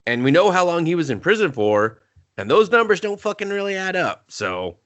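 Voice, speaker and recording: A man's voice: high voice, very animated, brisk, fairly bright tone, lo-fi sound. Profane, joking man reviewing movies. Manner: profane, jokey, acts out movie lines. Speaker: podcast co-host. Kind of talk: casual movie review chat.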